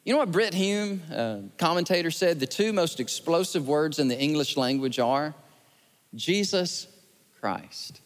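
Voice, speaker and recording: A man preaching a sermon, telling stories in an animated, lively way. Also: on the high side, unhurried. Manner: animated storytelling, acts out scenes with rising excitement. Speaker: pastor. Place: large church sanctuary. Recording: long church hall reverb.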